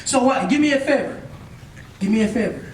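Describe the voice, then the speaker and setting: A man's voice: very high voice, animated, fairly quick, slight background noise. A man giving a motivational speech to young listeners, telling a story emphatically and with lots of repetition, often checking in with questions. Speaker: motivational speaker. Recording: echoey room, mic far off.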